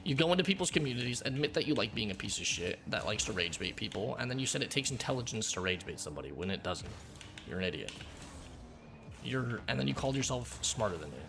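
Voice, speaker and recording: A man's voice: mid-range voice, sing-song, quick pace, vocal fry, noisy background. Angry, profane man streamer ranting. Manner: lectures in a hammering, repetitive way. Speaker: game streamer. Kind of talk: heated rant at a chat viewer.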